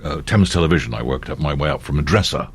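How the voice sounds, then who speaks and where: An older male actor and voiceover artist, appearing as a casual interview guest, has an extremely low, husky voice with lively intonation and a fast pace. His anecdotes ramble, punctuated by frequent restarts and easy laughter.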